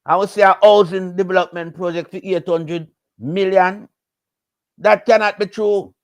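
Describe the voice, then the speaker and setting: A Jamaican man gives political commentary in a measured yet indignant way, stressing certain words. His voice sits somewhat high for a man. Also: steady tone.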